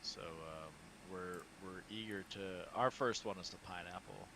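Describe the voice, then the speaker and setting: A man co-hosting a casual chat show, animated and playful, swearing freely. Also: low voice, measured pace, vocal fry, background noise. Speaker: podcast co-host.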